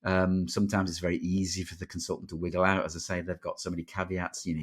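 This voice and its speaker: Fast-talking low-voiced man. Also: flat delivery. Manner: brisk, chatty, trails off with filler sounds. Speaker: podcast co-host. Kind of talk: casual chat.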